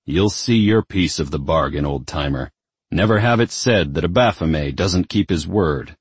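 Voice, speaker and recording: Man doing a smug growly devil, super deep, husky. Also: animated, normal speed, dry recording. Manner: menacing, smug. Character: the devil, menacing, smug male demon king.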